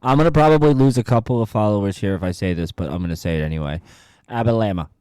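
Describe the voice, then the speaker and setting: Man from new jersey, smooth resonant voice, dry close sound, teasing podcast host. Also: fairly low pitch, steady tone, rapid-fire, dark tone, no echo. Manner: joking, teasing, swears freely. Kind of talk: casual chat.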